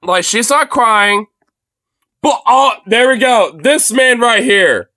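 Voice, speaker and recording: Male streamer, high voice, very lively pitch, bright sharp tone, profane, laughing, shouting reactions. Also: slow. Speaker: live streamer. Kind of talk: live reaction commentary.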